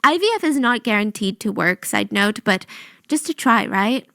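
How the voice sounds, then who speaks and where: A woman's voice: medium pitch, animated, moderate pace, gravelly, a bit bright, dry recording. A woman narrating a true crime story close to the mic, with chatty asides and emotion showing through.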